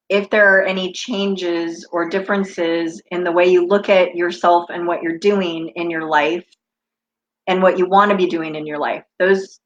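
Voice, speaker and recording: A chatty woman in her fifties hosts a spiritual live stream, her voice sitting a little low. She wanders off on tangents as she talks to her viewers, and the stream audio sounds slightly dull and lo-fi. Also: a little hiss or hum. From United States. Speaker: intuitive coach hosting a live stream.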